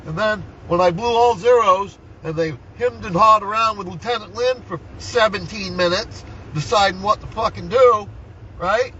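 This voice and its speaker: An older man with a high voice rants heatedly, swearing and throwing out "right?" again and again. He speaks from inside a vehicle, and the recording sounds dull and lo-fi under a faint hiss. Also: moderate pace, sharp tone. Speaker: vlogger. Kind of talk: angry personal rant.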